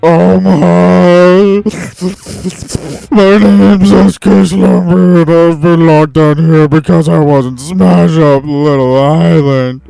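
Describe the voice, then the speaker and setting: A man voicing a huge, soft-hearted male crocodile in a game, pleading and tearful as he reads the dialogue aloud. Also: fairly high pitch, steady tone, slow pace, gravelly, clear, resonant tone, no echo, voice pushed up, full character voice, rough recording. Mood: sad.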